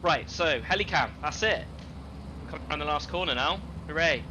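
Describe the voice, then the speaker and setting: A man's voice: fairly high pitch, animated, a loud crowd. Man commentating a sim race. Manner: chatty, running through names quickly with asides. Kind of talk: live esports race commentary. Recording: loud game engine noise behind.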